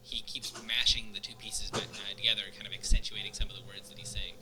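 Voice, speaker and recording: A man narrating a tabletop game as game master, halting and full of fillers. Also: lowish voice, flat delivery, heavy background noise.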